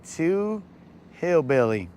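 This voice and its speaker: A man's voice: on the high side, sing-song, extremely slow, a little mellow, a little hiss or hum. A man hosting a live fishing vlog from a boat on a lake, bantering in a laid-back, joking way. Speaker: fishing show host.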